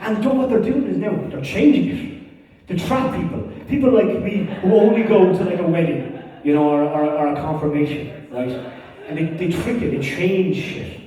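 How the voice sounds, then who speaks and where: A man with an Irish accent doing a stand-up comedy set, animated and swearing, acting out quick characters. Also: sits high, very echoey, in a large hall, distant mic, low-quality recording. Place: theatre stage before a live audience.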